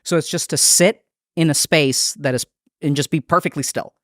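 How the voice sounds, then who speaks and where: A man explaining in a podcast interview, fairly high voice, dry close sound. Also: fairly bright tone, no room sound. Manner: explanatory, thoughtful, quick restarts. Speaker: psychiatrist.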